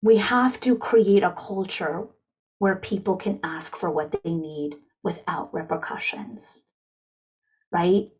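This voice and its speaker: A woman leading an online town hall for school leaders, talking in an energetic coaching manner and acting out the voices of people she quotes. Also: fairly low pitch, takes it slowly, husky, highs cut off.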